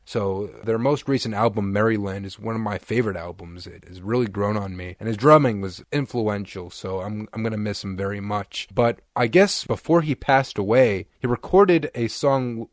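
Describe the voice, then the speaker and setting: A man's voice: on the low side, no echo. Chatty man with a dry close sound. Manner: rambling, joking, quick asides with laughs. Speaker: podcast co-host. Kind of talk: casual chat.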